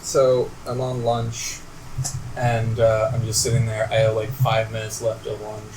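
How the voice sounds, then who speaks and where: A young man on a casual podcast, telling stories in an animated way, swearing freely and acting out the voices of people in them. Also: fairly low pitch, a little slow, distant mic. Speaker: podcast co-host. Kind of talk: casual storytelling chat. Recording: echoey room, off-mic, noisy.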